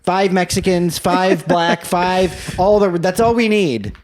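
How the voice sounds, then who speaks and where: A young man co-hosts a comedy podcast and riffs on his friend in a teasing, deadpan way. His voice sits quite high for a man, and he stretches words out for emphasis. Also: slow. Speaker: podcast co-host. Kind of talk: casual comedy chat.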